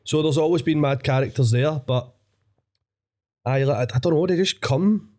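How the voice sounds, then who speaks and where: A man's voice: a little high, moderate pace, warm tone. A young man with a Glaswegian accent, a guest comedian chatting casually on a podcast, sweary and rambling, laughing often. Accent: Scottish, Glaswegian.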